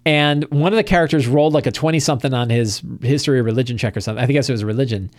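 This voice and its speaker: A man's voice: mid-range voice, very fast, dry recording. A man hosting a game-master prep talk, casually recounting a tabletop session with frequent restarts. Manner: animated storytelling, acting out players' lines, frequent restarts. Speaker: host giving game-master prep advice.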